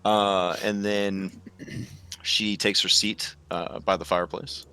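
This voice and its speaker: A man's voice: deep voice, level tone, slow, sharp tone, clear, resonant tone. A man narrating as game master for a tabletop game, rambling with many fillers.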